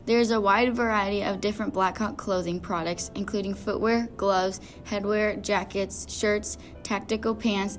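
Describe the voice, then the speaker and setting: A young woman, a student, reading the scripted narration of a school podcast at a steady pace. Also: mid-range voice.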